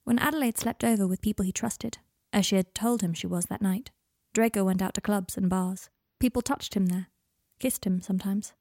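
A woman narrating a story in a calm, measured reading voice. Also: medium pitch, dry recording, clean studio sound. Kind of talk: audiobook narration of fan fiction.

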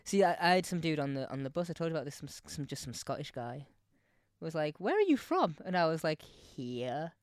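A man, co-hosting a casual podcast chat, animated and quick to laugh. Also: a little high, clear, resonant tone, dry recording, clean studio sound. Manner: chatty, animated, laughs a lot. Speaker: podcast co-host.

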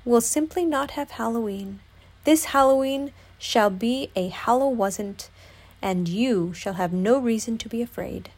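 A woman voicing a gentle, slow-thinking male teddy bear who speaks softly and thoughtfully in a storybook reading. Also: a little high. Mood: reassuring. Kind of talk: storybook read-aloud.

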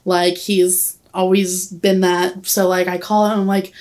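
Her voice is lowish and a little mellow, with flat delivery, an unhurried pace, and few pauses. A young woman in her twenties and a podcast guest, she tells a long, rambling story in casual chat, giggling and saying "like" constantly.

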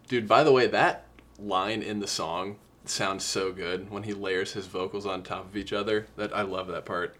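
A man's voice: on the low side, fairly even intonation, measured pace, fairly bright tone. A man co-hosting a podcast, chatting casually about an album, earnest and openly emotional as he quotes lyrics. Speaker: podcast co-host. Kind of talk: casual music review chat.

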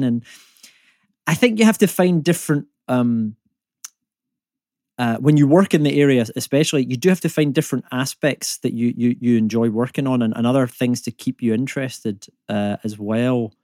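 On a podcast, a Scottish guest in his thirties, a climate economist and comedian, chats loosely and self-deprecatingly, often using fillers and starting sentences over. He speaks at medium pitch and a moderate pace with a darkish tone, in clean studio audio without echo.

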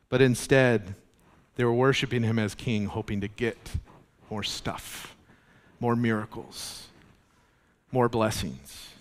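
A man preaches an earnest, animated sermon, his voice pitched in an ordinary middle range. He drives his points home by repeating them. The sound carries a long reverb from a large church hall. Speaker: pastor.

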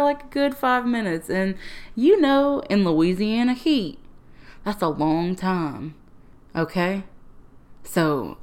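Animated woman telling a story. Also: medium pitch. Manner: animated, laughing often, quoting herself in lively asides. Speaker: refuge history project researcher. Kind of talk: casual storytelling to camera.

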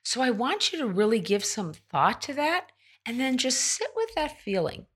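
A woman's voice: a little high, big pitch swings, normal speed, slightly rough. A woman running coach giving a chatty solo podcast pep talk, full of rhetorical questions. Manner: conversational, with many rhetorical questions; loose and chatty, with fillers and restarts.

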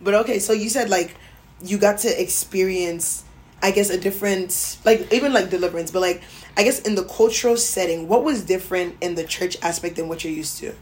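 A young adult woman co-hosting a podcast, telling stories in an animated, chatty way. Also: on the low side, a little fast, a little hiss or hum. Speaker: podcast co-host. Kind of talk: casual chat.

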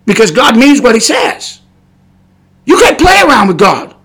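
A man preaching a sermon on a podcast, blunt and folksy, firing rhetorical questions and breaking into sudden shouts. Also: very high-pitched, very animated, measured pace, breathy edge.

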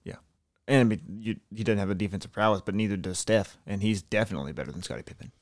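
A man co-hosting a sports podcast, excitable and profane in casual banter. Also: on the low side, fast, no room sound, studio quality. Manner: excitable, profane, laughs often. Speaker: podcast co-host.

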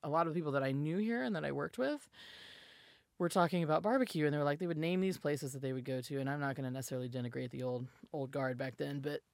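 Gravelly-voiced woman from the South. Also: low-pitched, fast talker, darkish tone, no room sound, clean studio sound. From American South. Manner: chatty storyteller, many restarts and asides. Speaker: podcast guest. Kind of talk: casual chat.

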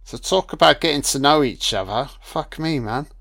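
Brief: male film commentator, mid-pitched, sarcastic and foul-mouthed. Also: normal speed, creaky, fairly bright tone, dry recording. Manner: sarcastic, heavy swearing, irreverent. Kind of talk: casual profane movie commentary.

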